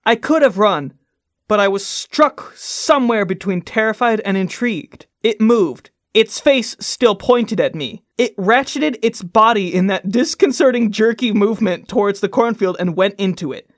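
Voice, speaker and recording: A woman co-hosting a comedy podcast, switching between reading a story aloud and bursts of joking commentary. Her mid-range voice swings widely in pitch. The sound is dry and close. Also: normal speed, dry recording. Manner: reads a story aloud, then jokes about it in animated bursts. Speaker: podcast co-host.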